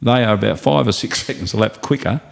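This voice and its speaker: A low-pitched Australian man in casual chat, rambling through long anecdotes with easy chuckles. His voice sits on the low side for a man and he speaks as a guest being interviewed. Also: fast, gravelly. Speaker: guest, racing driver.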